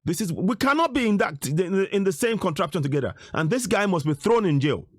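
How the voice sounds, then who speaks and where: A man's voice: sits high, lively intonation, a little fast, dry recording, studio quality. A middle-aged man giving indignant commentary over video footage, insisting and repeating himself. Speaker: activist commentator.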